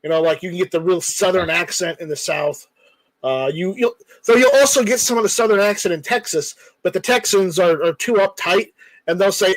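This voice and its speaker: A man's voice: sits high, animated, brisk, no room sound, low-quality recording. A man hosting a casual livestream, reading viewer comments aloud and rambling with jokes. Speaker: livestream host reading chat.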